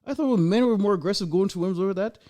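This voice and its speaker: Fast-talking man, rambling guest chat. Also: high-pitched, warm tone. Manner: rambling, many restarts and fillers. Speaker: podcast guest. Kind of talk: casual chat.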